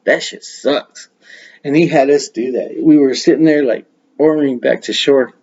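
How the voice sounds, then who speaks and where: A man's voice: medium pitch, steady tone, measured pace, a little mellow, husky, muffled recording. A man hosting a casual podcast, telling rambling stories full of swearing and laughter. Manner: profane, laughing, rambling storyteller. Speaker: podcast host. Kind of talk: casual storytelling. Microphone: webcam mic.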